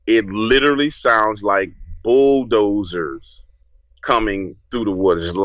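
A man, a podcast guest telling a story in a casual, lively way and acting out what he said back then. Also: mid-range voice, no room sound, poor audio. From New Orleans, USA. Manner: lively, acts out his own past lines.

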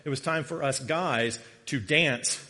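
Middle-aged guy preaching, kinda high voice, telling a funny story, long echo from the sanctuary. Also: measured pace. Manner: animated storyteller, jokey asides. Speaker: guest preacher. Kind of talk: sermon with humorous personal story. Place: church sanctuary. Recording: long reverb of a large hall.

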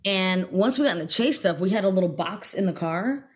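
A middle-aged woman, a guest actress in a podcast interview, telling a story in a lively way and bursting into loud acted-out quotes. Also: mid-range voice, a little fast.

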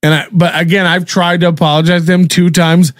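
A man's voice: high voice, level tone, fairly quick, no echo, studio quality. A man defending himself in a heated argument, sounding aggrieved.

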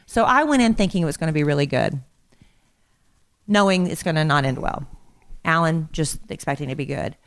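A woman co-hosting a podcast with her husband, telling their story in a relaxed, chatty way. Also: deep voice, brisk, long pauses. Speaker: podcast co-host. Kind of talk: casual chat.

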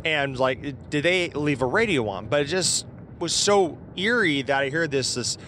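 A man's voice: a little high, animated, unhurried, background noise. A man from southeast Iowa casually telling a personal encounter story in a rambling, informal way, with fillers and the odd curse word. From southeast Iowa, USA.

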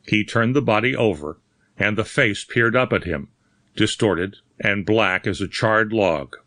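A man narrating an audiobook ghost story in measured, expressive storytelling. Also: on the low side, no echo. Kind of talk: scripted narration.

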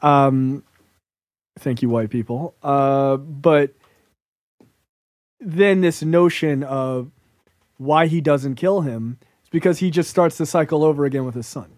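A man's voice: a little high, slow, pauses often, darkish tone, no echo, clean studio sound. A man co-hosting a podcast, chatting casually about a film, loose and profane, laughing often. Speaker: podcast co-host.

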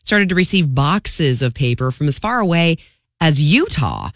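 Middle-aged female morning radio co-host, chatty, lively voice, dry close sound. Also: low voice, normal speed, dry recording. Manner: chatty, upbeat, conversational.

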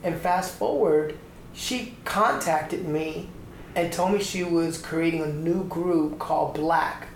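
Middle-aged guy from atlanta telling his story, lively, does the voices, echoey room, bit of hiss. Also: a little high, slow. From Atlanta, Georgia. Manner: animated storyteller who acts out quoted voices. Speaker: guest, choreographer and dancer. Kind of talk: conversational interview storytelling. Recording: echoey room with faint background noise.

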